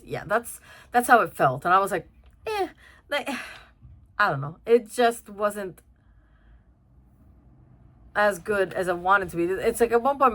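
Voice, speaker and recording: A young woman giving a chatty, casual film review, full of fillers and restarts and quick to laugh. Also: medium pitch, a bit bright.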